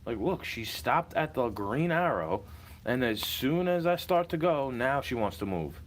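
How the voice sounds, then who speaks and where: A man's voice: medium pitch, expressive, a little slow. A young man with a mid-range voice rants on in a car. His talk is agitated, profane and rambling, with faint noise behind him. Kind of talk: casual ranting monologue.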